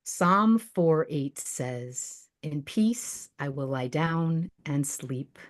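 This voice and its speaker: A woman reading her own rhyming devotional poem slowly and softly over a video call. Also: sits low. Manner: slow, hushed rhyming recitation. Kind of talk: recited devotional poem, then casual chat.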